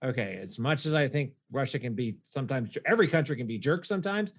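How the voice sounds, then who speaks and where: A man's voice: mid-range voice, expressive, quick pace. A man co-hosting a podcast in casual chat, reasoning things through with wry asides. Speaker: podcast co-host.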